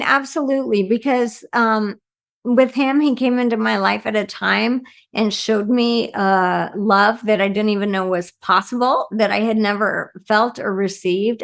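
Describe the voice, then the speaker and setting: A woman's voice: medium pitch, vocal fry. A woman who works as a medium, talking earnestly about grief and compassion in an interview, often ending with "right?". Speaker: medium and speaker. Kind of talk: reflective talk in an interview.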